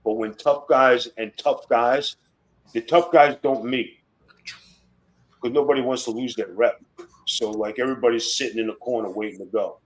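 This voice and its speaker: A middle-aged man, a guest on a podcast, telling wrestling stories in rough, swearing-heavy casual talk. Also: medium pitch, steady tone, normal speed, low-quality recording. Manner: profane, boastful storytelling.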